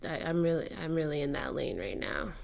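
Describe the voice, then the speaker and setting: A young woman with a slightly low voice chats as an interview guest. She rambles in a relaxed way and drops in plenty of casual fillers. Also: brisk, vocal fry. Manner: chatty, loose, many "like" fillers. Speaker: guest musician.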